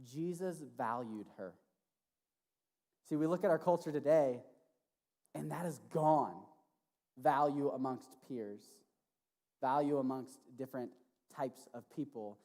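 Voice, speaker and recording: A man preaching as a youth pastor to teenagers, casual and animated, often checking in with "right?". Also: medium pitch, takes it slowly, long pauses. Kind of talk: sermon to teenagers. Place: church hall. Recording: long reverb of a large hall.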